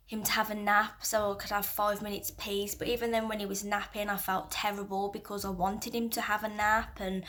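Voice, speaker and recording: Woman, 20s, vlogger mum; flat, halting, soft confessional delivery, near tears. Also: mid-range voice. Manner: halting, soft-spoken, with frequent restarts and fillers. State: emotional, near tears at times. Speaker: mother and vlogger. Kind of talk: candid personal talk to camera.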